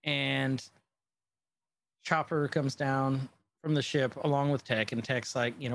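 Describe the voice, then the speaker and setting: Animated man recapping a show. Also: medium pitch, a little slow, long pauses, no echo. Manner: animated, quotes characters. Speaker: podcast co-host. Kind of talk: casual recap chat.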